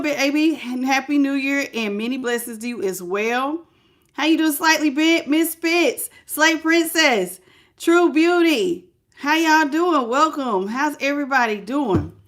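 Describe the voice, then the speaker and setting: Chatty woman tarot reader on a livestream. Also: sits high. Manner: warm, chatty, greets viewers by name, calls them baby; prayerful invocation. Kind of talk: casual livestream chat and tarot reading.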